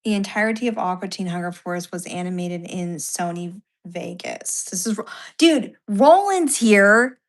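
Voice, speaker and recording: A young woman chatting on a video call, animated and talkative, often retelling what others said. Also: medium pitch, measured pace. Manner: chatty, animated, quotes others in little voices. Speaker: co-host. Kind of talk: casual chat over a video call.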